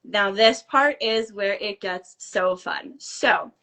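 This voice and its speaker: A woman guest telling a story in casual chat, animated and acting out the dialogue. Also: medium pitch, slow pace.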